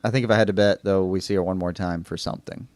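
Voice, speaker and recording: Low-voiced rambling podcast host man. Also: steady tone, fast, darkish tone, dry recording. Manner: rambling, stammers and restarts. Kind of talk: casual TV review chat.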